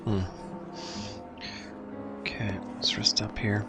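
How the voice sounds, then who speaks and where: A man's voice: on the low side, flat delivery, slow pace, loud music behind the voice. A man hosting a let's play, giving casual gameplay commentary that is rambling, self-deprecating and thinking aloud.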